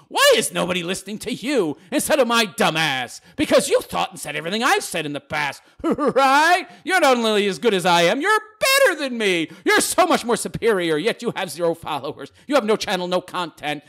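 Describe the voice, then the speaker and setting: A man's voice: sits high, pushed and bright. A man reading out viewer comments and answering them in a sarcastic, mocking rant. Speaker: YouTube commentator.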